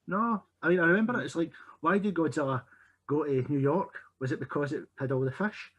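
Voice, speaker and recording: A man's voice: fairly high pitch, a little fast, fairly bright tone. A man co-hosting a casual film chat, meandering and questioning himself as he talks. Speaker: podcast co-host.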